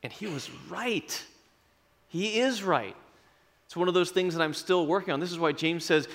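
A male pastor preaching a sermon in a conversational, self-deprecating way, slowing down for emphatic phrases. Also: high voice, fairly bright tone. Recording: long reverb in a large hall.

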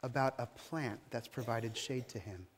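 A man's voice: medium pitch, moderate pace, in a large hall. A man preaching a sermon as a pastor, retelling a story in a conversational, dramatic way.

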